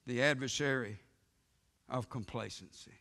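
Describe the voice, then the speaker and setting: Emphatic, gravelly-voiced male pastor preaching. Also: medium pitch, moderate pace. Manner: emphatic preaching, swinging from loud to hushed, with frequent amens. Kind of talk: sermon. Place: church sanctuary. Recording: reverberant church sanctuary broadcast.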